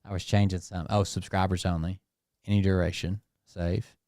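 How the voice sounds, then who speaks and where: A man's voice: deep voice, little pitch movement, brisk, warm tone, no echo, clean studio sound. A man doing casual, sarcastic live-stream commentary, mocking and swearing as he reacts.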